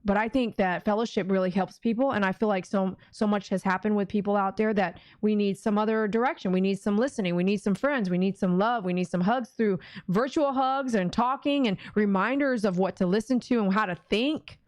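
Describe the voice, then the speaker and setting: A woman's voice: medium pitch, brisk, hardly any pauses, a little mellow, dry recording. A middle-aged woman with a Texan accent, hosting a casual live-stream prayer session and chatting with viewers. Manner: chatty, talks to viewers and acts out her own inner voice. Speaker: livestream prayer host.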